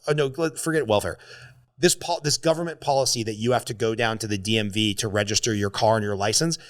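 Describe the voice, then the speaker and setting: A man's voice: mid-range voice, a little fast, no echo. A man hosting a podcast, telling a story with strong feeling and swearing as he talks. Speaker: podcast host. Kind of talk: casual podcast conversation.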